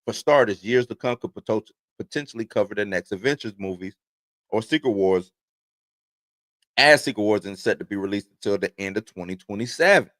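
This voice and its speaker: A man's voice: lowish voice, fairly quick, fairly bright tone, dry recording. A man in his forties hosting a casual livestream, reading entertainment news aloud and then rambling off into his own stories. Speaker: host.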